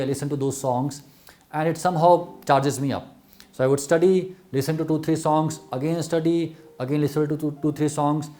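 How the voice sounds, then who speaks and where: A man's voice: a little high, dark tone. A middle-aged man with an Indian English accent giving an earnest motivational talk to exam students, repeating words for emphasis. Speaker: medical exam coach.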